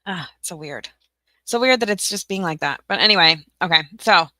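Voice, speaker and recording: A woman's voice: medium pitch, very animated, unhurried, creaky, pauses often, bright, forceful tone, dry recording. A woman hosting a casual livestream, flustered and apologetic, talking to herself and laughing often. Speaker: livestream host for teaching-resource sellers.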